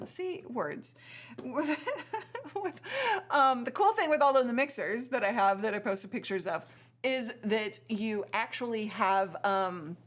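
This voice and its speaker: A woman's voice: on the high side, expressive, measured pace. A tired woman hosting a casual live stream, chatty, with frequent laughs and many fillers.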